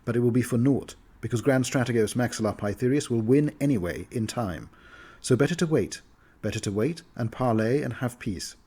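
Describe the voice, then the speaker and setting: A man's voice: medium pitch, expressive, brisk, dark tone, slightly rough. A man voicing a taunting noblewoman villain. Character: scheming woman noble holding a captive prince.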